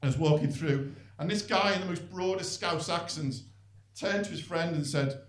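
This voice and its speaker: A middle-aged man with a Northern English accent, from St Helens in North West England, does a comedy club stand-up set in a voice on the high side at normal speed. His rambling, self-mocking delivery is dry and studded with "really," against echoey audience laughter.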